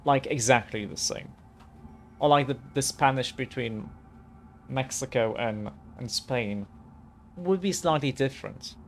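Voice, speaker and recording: A man's voice: medium pitch, unhurried, slight background noise. A young man casually commenting over a video game, rambling and thinking aloud with lots of fillers. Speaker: let's play commentator.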